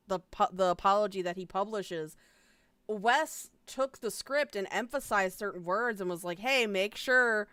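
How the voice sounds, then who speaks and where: A woman's voice: medium pitch, pushed and bright, clear, resonant tone, no echo. A woman streamer giving casual, sarcastic reaction commentary, swearing freely and mocking what she watches.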